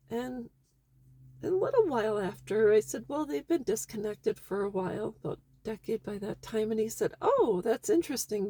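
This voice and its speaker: A woman's voice: on the high side, mellow, breathy edge. A middle-aged woman talking candidly and with feeling in a personal vlog about her family and marriage. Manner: candid, emotional and heartfelt. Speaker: vlogger.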